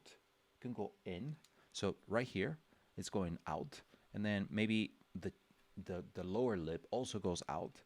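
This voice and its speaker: Man, deep gravelly voice, laid-back drawing teacher on a livestream, full of ums and restarts. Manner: relaxed, thinking aloud with many fillers and restarts. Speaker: drawing instructor. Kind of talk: casual livestream drawing lesson.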